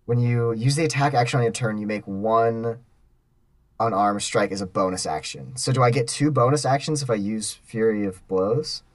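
A man's voice: medium pitch, moderate pace. A man playing a tabletop role-playing game, talking casually and thinking aloud with fillers. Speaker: player.

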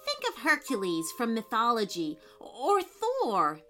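A woman's voice: fairly high pitch, wildly swooping pitch, measured pace, sharp tone, faint music behind, heavily acted. Woman doing a know-it-all little girl. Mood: excited.

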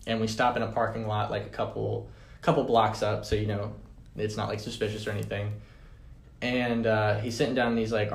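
A young adult man, a podcast guest, tells a personal story casually, rambling and filling it with "like" and "man." His voice is on the low side, level, a little fast and has vocal fry, with a roomy echo in the recording.

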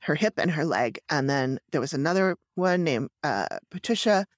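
A woman's voice: low-pitched, expressive, moderate pace, dry recording, studio quality. A woman co-hosting a podcast, casually retelling a true crime story in a chatty way, laughing easily and trailing off mid-sentence. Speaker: podcast co-host.

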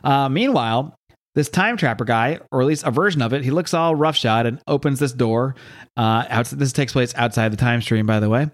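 A man hosting a podcast, recapping a comic book with irreverent humor and plenty of swearing. He speaks at an ordinary pitch, laughs often and rambles, correcting himself now and then. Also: normal speed. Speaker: podcast host.

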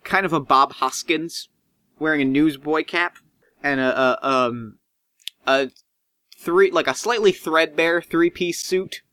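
A man running a tabletop game as game master, narrating in a loose, rambling way. His voice sits a bit high and bright, and the sound is dry and close. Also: takes it slowly, dry recording. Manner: casual, rambling with fillers.

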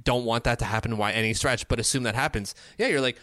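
A man's voice: medium pitch, fast talker, hardly any pauses, bright, forceful tone, no echo. A man co-hosting a hockey podcast in casual sports chat, rambling and joking as he goes. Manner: rambling, joking, restarts words.

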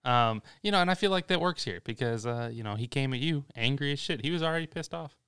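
A man in casual chat as co-host, relaxed and swearing casually while telling his own story. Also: mid-range voice, quick pace, clear, resonant tone. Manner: laid-back, swears casually. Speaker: podcast co-host.

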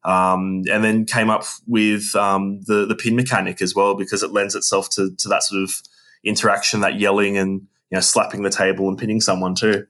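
A man talking casually as a guest about designing a game, halting and restarting, laughing easily. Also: lowish voice, flat delivery, fairly bright tone. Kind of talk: casual interview chat.

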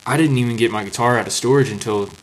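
A man's voice: medium pitch, fast talker, a little hiss or hum. A man on a casual podcast, talking in a loose, rambling way with filler phrases and casual swearing. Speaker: podcast co-host.

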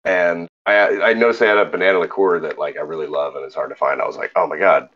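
Man, casual podcast chat, lively storyteller, swears a lot, lowish voice, lo-fi sound. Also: fast. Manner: animated storytelling, swears freely. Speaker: podcast co-host.

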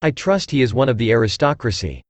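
A man's voice: mid-range voice, very animated, fast, dry recording, natural voice. A synthesized male voice reading the lines of a placid, vain middle-aged mother who was once an actress, in genteel, complacent speech, as in an audiobook.

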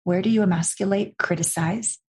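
A life and intimacy coach appears as a podcast guest, speaking briskly in a medium-pitched voice. She's an animated storyteller who swears freely and performs the voices of the people in her stories.

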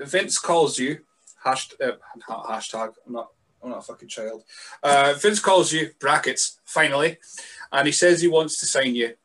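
A man's voice: mid-range voice, a bit bright. A man hosting a podcast in casual sweary chat, laid-back and chuckling, sometimes losing his train of thought. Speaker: podcast host.

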